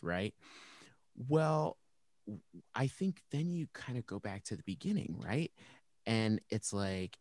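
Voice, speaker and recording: A man co-hosting a podcast with a low, gravelly voice that still moves widely in pitch. He laughs easily and reads passages aloud, recorded in a dry, close sound. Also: very animated, unhurried, no room sound. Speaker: podcast co-host. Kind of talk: casual chat.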